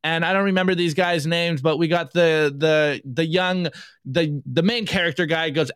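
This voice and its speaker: A man co-hosting a podcast, chatting casually and reading memes aloud in an energetic, slangy way. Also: sits high, no room sound. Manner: energetic, slangy, quick asides. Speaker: podcast co-host.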